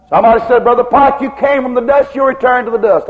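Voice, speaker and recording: A man's voice: extremely high pitch, brisk, gravelly, hardly any pauses. A man preaching a sermon in a rhythmic style, asking the congregation rhetorical questions again and again. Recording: muffled recording with long hall reverb.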